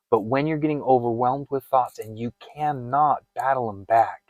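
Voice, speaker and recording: A man leads a guided breathing exercise, his voice sitting in a plain middle register. He speaks earnestly and directly to the listener, repeating each instruction. The recording is dry and close, with no room echo. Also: mid-range voice. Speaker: fitness and wellness coach.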